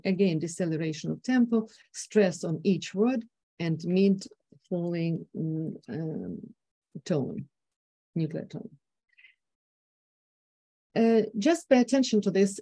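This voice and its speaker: A woman with a Ukrainian accent gives a slow, halting academic talk, her speech full of ums and restarts. Her voice sits fairly low and sounds mellow and soft. The recording is dry and close, with no room sound. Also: expressive, dry recording. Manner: hesitant, many fillers and restarts, quotes speeches in an emphatic voice. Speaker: conference speaker. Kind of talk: academic presentation on speech intonation.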